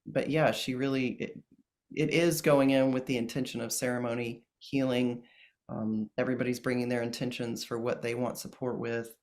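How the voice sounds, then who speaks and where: Soft-spoken earnest guy chatting as an interview guest, lots of um and restarts, middle pitch. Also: little pitch movement, normal speed. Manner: gentle, earnest, with many fillers and restarts. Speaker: plant medicine ceremonialist guest. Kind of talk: casual interview talk.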